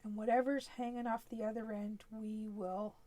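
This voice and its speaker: A woman's voice: on the high side, flat delivery, moderate pace, dark tone, no echo. A woman with a Canadian East Coast accent hosting a live crafting demonstration, chatty and easygoing as she works through each step. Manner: chatty, easygoing, talks while working, frequent little laughs.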